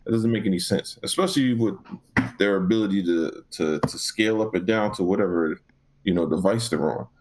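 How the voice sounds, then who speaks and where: Man, low voice, gaming podcast co-host, animated profane rant, casual. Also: fairly quick. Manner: animated, profane ranting with acted-out exchanges.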